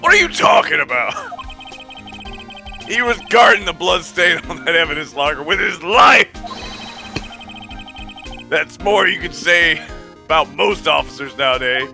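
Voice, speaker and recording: Guy reading a blunt earnest cop from a game, slow and bright, music in back. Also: fairly high pitch, expressive, gravelly, exaggerated voice. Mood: indignant. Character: earnest gruff male police detective. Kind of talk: reading game dialogue aloud.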